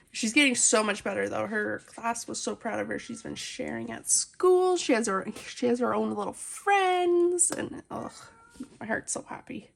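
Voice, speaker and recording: A woman's voice: on the high side, normal speed, creaky. A woman vlogging casually from home as she colors, chatting and rambling with lots of fillers, recorded on a phone. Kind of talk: casual chat while coloring. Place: at home, family nearby.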